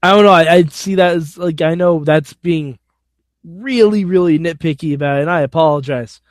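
A man's voice: on the high side, normal speed, no room sound, clean studio sound. A man hosting a podcast alone, giving a casual wrestling recap in an opinionated, blunt, sometimes profane way. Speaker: podcast host.

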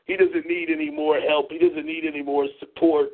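A man's voice: fairly high pitch, little pitch movement, a little fast. A man hosting a talk show, ranting in a profane, mocking, confrontational way. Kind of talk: angry call-in show rant. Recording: tinny phone-line audio.

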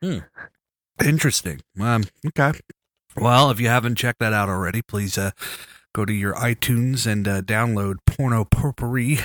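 A man's voice: medium pitch, moderate pace, a bit bright, no room sound, clean studio sound. A man with a stuffy nose from a cold, hosting a casual podcast chat, rambling and joking as he steers the talk. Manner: rambling, joking, bossy with co-host. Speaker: podcast host.

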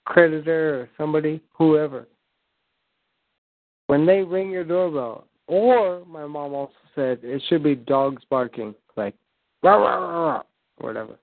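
Guy rambling on a voice call, stumbles and restarts a lot, tinny phone sound, kinda high voice. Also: measured pace, no room sound. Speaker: prank call host. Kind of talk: casual chat on a voice call.

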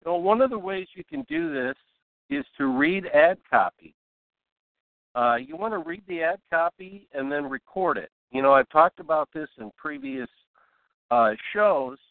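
A man hosting a show, giving a casual broadcasting lesson in a relaxed, rambling way with lots of fillers. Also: on the high side, normal speed, gravelly, no echo. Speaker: podcast host teaching broadcasting. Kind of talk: casual instructional talk. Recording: tinny phone-like, dry.

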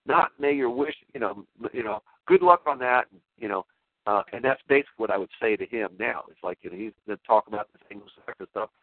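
Excitable man on a tinny phone line. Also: on the low side, fast talker, no echo. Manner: excitable and emotional, with many restarts. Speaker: talk show host. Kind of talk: rambling spoken monologue.

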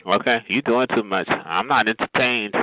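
A man's voice: on the low side, moderate pace. A man hosting a call-in line, scolding a caller in a brash, repetitive way. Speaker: chat line host. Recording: noisy phone line.

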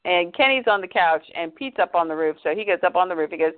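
Animated woman podcast co-host, phone-quality sound. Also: lowish voice, fast talker. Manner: animated, playful. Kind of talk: casual comic recap. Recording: tinny phone-like line.

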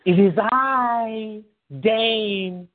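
A man putting on the voice of a grand, self-important man who announces himself slowly and pompously. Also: high-pitched, voice pushed up. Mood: grandiose. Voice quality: slow, stately, pompous delivery. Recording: phone-like radio audio.

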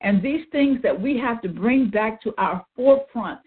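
A woman's voice: on the high side, lively intonation, moderate pace. A woman leading a Bible study, reading old-style scripture and then explaining it earnestly. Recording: tinny phone line.

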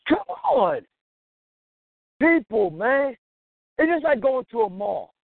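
A man's voice: sits high, dry recording. Lay preacher, man, chatty and exhorting, tinny phone-like sound. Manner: conversational, exhorting, laughs between points. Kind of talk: informal sermon-style monologue. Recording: tinny phone-like dry line.

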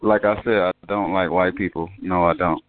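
Preachy low-voiced man on a phone line. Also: steady tone, normal speed. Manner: scolding, preachy. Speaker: caller on a phone chat line. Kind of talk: scolding phone banter. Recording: tinny phone line with hiss.

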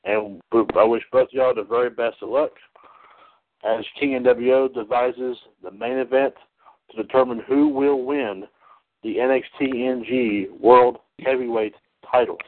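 A man's voice: mid-range voice, steady tone, normal speed. A man hosting a wrestling trivia podcast, rambling and correcting himself, with playful announcer flourishes. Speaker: trivia show host. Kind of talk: casual podcast chat. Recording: phone-like lo-fi audio.

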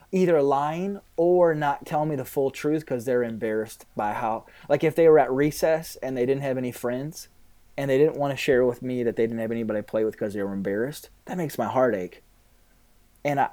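A man's voice: medium pitch, mellow. A man in his thirties, a pastor, talking candidly in a casual interview, rambling a little with fillers.

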